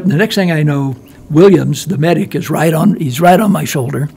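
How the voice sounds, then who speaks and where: A man's voice: on the high side, a little fast, creaky, a little mellow, slightly rough. An older man, a guest, telling a long war story in casual chat, rambling with many restarts and chuckling as he goes. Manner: rambling, restarts often, laughs while telling.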